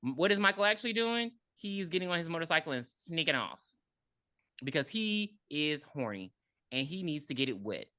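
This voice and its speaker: A woman co-hosting a podcast recaps a film in casual chat, animated and acting out the characters' lines in quotes. Her voice is low-pitched and brisk, and the recording is dry.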